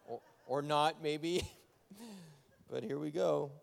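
A man preaching a sermon as pastor, joking and energetic, talking straight to his congregation. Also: on the high side, takes it slowly, gravelly. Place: church sanctuary. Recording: long church hall reverb.

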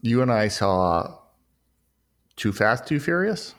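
A man's voice: mid-range voice, very animated, slow, fairly bright tone. A man co-hosting a casual movie podcast, making wry, profane jokes. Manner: wry, profane, joking asides. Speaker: podcast co-host.

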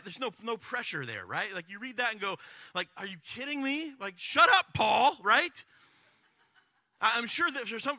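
A man's voice: on the high side, bright, forceful tone, no room sound. A man preaching a sermon in a candid, conversational, self-deprecating way. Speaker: pastor.

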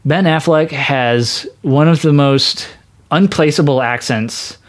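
A man's voice: on the high side, slow. A man co-hosting a casual movie chat, rambling and enthusiastic. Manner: enthusiastic, rambling, puts on playful voices when quoting. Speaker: podcast co-host.

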